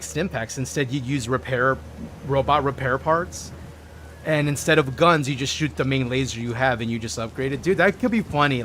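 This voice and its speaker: A man's voice: medium pitch, a bit bright, slight background noise. A man streaming a modded game, chatting casually with viewers and reading their chat messages aloud.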